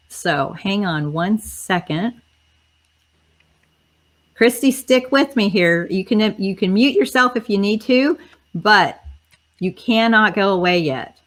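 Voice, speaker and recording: A woman hosts a livestream on a video call. She chats with viewers in an upbeat way, and her voice cracks and tires. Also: mid-range voice. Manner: chatty, upbeat, talks to viewers directly. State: voice cracking and tiring. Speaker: host. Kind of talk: casual livestream chat.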